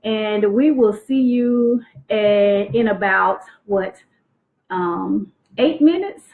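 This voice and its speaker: Woman, youth coach, clear articulate delivery, tinny phone-line audio. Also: medium pitch, little pitch movement, drawn-out words. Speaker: youth self-esteem coach. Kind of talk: live-streamed teaching session. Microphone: phone livestream.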